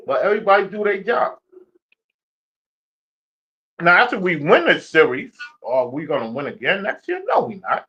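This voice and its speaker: A man's voice: fairly high pitch, fairly bright tone, slightly rough. A young man ranting about basketball in a casual stream, profane and trash-talking. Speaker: sports streamer. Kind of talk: casual sports rant. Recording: dull lo-fi stream audio.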